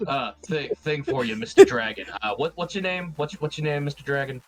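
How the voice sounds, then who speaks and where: A man's voice: a little high, big pitch swings, fairly quick, creaky. A man voicing a small, hungry mouse mercenary, goofy and eager to take a job, in an improvised tabletop role-play.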